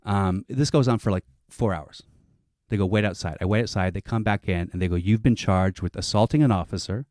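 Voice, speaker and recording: A man telling a long comic story on a panel show, animated and swearing, acting out other people's lines. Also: on the low side, brisk, no echo, clean studio sound.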